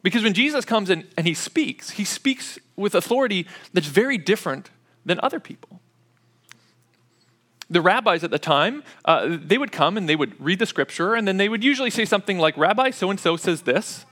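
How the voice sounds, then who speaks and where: A man preaching an expository sermon, explaining step by step in a conversational way with frequent pauses and fillers. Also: high voice, lively intonation, fairly bright tone.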